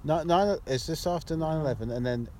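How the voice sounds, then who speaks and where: A man's voice: a little high, fast talker, over a noisy crowd. A young man from England co-hosting a podcast, telling crude jokes and stories in casual banter. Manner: crude jokes, animated storytelling. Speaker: podcast co-host.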